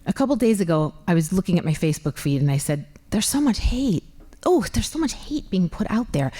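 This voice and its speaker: A woman in her fifties telling a comic personal story on stage, animated and expressive. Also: lowish voice, brisk, breathy edge. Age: 50s. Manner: animated, comic, voices her own exclamations loudly. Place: library event hall.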